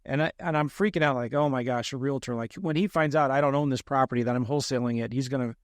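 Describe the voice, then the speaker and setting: A man's voice: mid-range voice, quick pace, no echo, clean studio sound. A man, a real estate investor, telling a story in a podcast interview, self-deprecating and acting out the lines he quotes.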